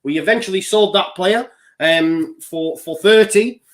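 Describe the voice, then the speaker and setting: Slightly slow in pace, a man with a voice a little high for his sex hosts a live online quiz, talking chattily between questions. He reads out the answer choices as an even list, and when he makes small slips he laughs at himself good-naturedly.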